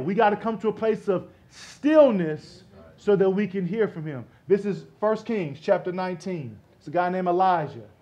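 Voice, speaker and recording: Male pastor, high voice, lively sermon swinging from shouts to whispers, playful acted-out asides; slightly muffled church recording. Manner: swings from loud exclamations to soft near-whispers; playful, acts out imagined voices. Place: church sanctuary.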